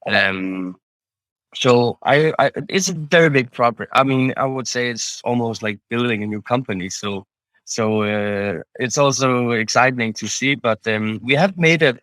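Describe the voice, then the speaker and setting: Man, founder type, interview guest; hesitant, lots of restarts, dry close sound, mid pitch. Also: unhurried, fairly bright tone, no room sound, rough recording. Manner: hesitant, many restarts and fillers. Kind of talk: casual interview talk.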